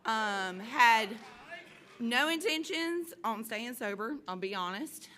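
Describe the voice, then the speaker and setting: Woman, heartfelt podium speech near tears, bright slow voice. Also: fairly high pitch, lively intonation. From Alabama, USA. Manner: emotional, near tears, candid. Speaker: campaign speaker. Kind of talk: short campaign speech at a convention. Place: large convention hall.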